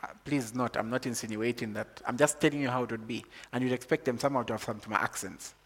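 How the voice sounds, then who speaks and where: A man from Zambia preaching a sermon, moving from calm teaching to loud, excited preaching. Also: medium pitch, quick pace, breathy edge, in a large hall.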